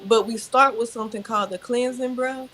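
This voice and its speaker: A woman yoga teacher giving calm, guiding breathing instructions in an interview over a video call. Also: fairly high pitch, a little fast, a little hiss or hum. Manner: calm, guiding, soft-spoken.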